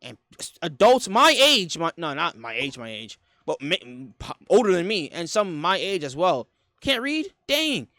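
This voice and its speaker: A young man hosting a reaction video, talking in a lively, exclamatory way, often stumbling, repeating and correcting himself. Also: fairly high pitch, unhurried, no echo, clean studio sound. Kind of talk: reaction commentary.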